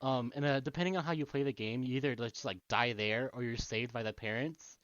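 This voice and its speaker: A man's voice: medium pitch, steady tone, a little fast, a bit bright, dry recording. A man co-hosting a casual podcast, rambling through a video game's story with plenty of swearing and laughter. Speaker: podcast co-host. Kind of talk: casual chat, retelling a video game story. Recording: dull lo-fi podcast mic.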